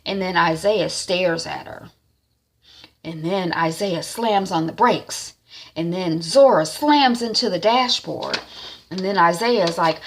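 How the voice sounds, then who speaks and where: A woman's voice: lowish voice, slow pace, slight background noise. A woman casually recapping a TV episode, rambling with frequent fillers and "and she's like". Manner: rambling, full of "um" and "is like". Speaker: TV recap vlogger.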